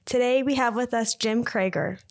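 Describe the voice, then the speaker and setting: A woman's voice: a little high, normal speed. A woman co-hosting a podcast in casual chat, friendly and brief, in a studio. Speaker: podcast co-host. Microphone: studio microphone.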